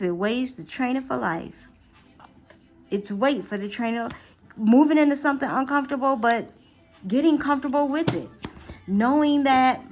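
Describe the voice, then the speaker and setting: A woman running a casual spiritual reading vlog. She is chatty and affirming, thinks aloud with repeated phrases and restarts, and slows into soft affirmations. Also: a little high. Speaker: astrology and tarot reader.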